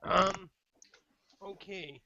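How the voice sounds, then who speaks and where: A high-voiced man narrates a tabletop game slowly and haltingly, filling the pauses with ums. The recording is muffled, with faint noise behind him. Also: fairly even intonation, creaky, sharp tone. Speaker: game master.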